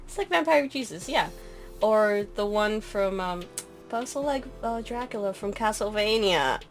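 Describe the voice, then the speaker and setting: A woman co-hosting a casual podcast chat, animated and quick to laugh, often breaking off mid-sentence. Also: medium pitch, faint music behind. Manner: animated, laughing, self-interrupting. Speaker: podcast co-host.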